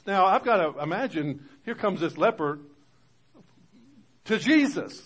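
A male pastor delivering a conversational sermon to his congregation. He rises louder and higher when reading scripture aloud. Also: expressive, a little slow, pauses often, slightly rough.

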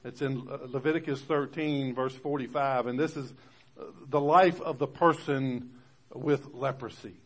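A male pastor delivering a conversational sermon to his congregation. He rises louder and higher when reading scripture aloud. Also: fairly even intonation, a little slow.

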